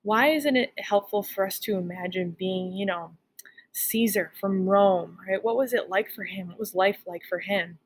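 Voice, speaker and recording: A woman's voice: medium pitch, normal speed, slight background noise. A woman teacher recording a lesson for her class, upbeat and encouraging, checking in with her students often. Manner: upbeat, encouraging, frequent "all right?" check-ins.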